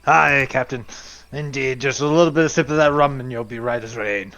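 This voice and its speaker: A man's voice: medium pitch, brisk, a bit bright, lo-fi sound. Playful man at a tabletop game. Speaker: player. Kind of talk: tabletop role-play.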